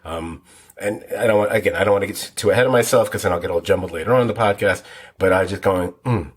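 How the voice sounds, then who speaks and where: A man's voice: low-pitched, fast, husky. A man co-hosting a TV podcast, rambling through details in a casual, self-deprecating way. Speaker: podcast co-host. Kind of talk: casual chat.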